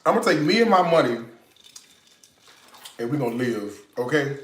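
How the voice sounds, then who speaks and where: A man's voice: mid-range voice, animated, moderate pace, reverberant. A man hosting a home cooking demo, chatty and playful, with teasing jokes between steps. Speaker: cooking show host. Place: home kitchen.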